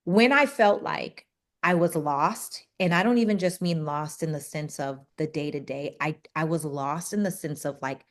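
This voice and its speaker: A woman's voice: low-pitched, moderate pace. A woman from Canada, a podcast guest, talking candidly and emotionally about a hard stretch of her life. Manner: candid, emotional storytelling with lively swings. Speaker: podcast guest, speaker and entrepreneur. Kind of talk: casual interview talk.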